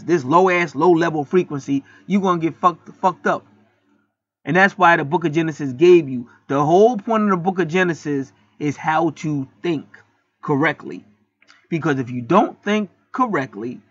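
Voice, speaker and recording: A man's voice: fairly high pitch, fairly bright tone, no echo. Blunt, swearing man preaching on a dull recording. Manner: blunt, preachy, heavy swearing, rambling with restarts. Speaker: host of a spiritual channel. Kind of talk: profane spiritual monologue.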